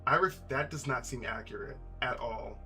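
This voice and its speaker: A young man chatting casually with his live-stream viewers while he builds a model, talking to chat in an animated way. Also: medium pitch, moderate pace. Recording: faint music playlist behind.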